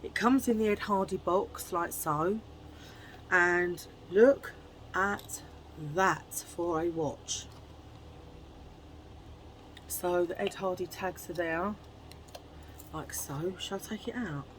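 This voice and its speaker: A woman chatting casually to camera at home in a chummy way, full of quick asides. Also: on the low side, a little hiss or hum, low-quality recording. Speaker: haul vlogger.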